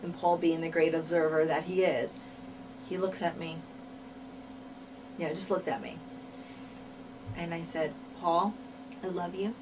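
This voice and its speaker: A woman's voice: low voice, steady tone, measured pace, long pauses. A woman being interviewed about her wrestling career, talking frankly and repeating words for emphasis. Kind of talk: candid shoot interview storytelling. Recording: mic at a distance, faint noise.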